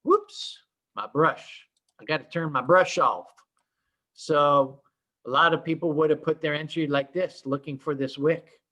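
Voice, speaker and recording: A man's voice: fairly high pitch, measured pace, sharp tone. A man teaching a live day trading room in a casual, rambling way, with many fillers and restarts. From schooled in Oklahoma. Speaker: trading instructor.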